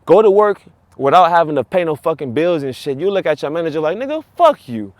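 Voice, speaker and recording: A man rants on his vlog, talking fast and swearing freely as his story tumbles out. His voice sits fairly high for a man. It is recorded close and dry, with no room sound around it. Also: dry recording. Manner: profane, animated, repeats himself. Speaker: vlogger. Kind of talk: casual storytelling rant.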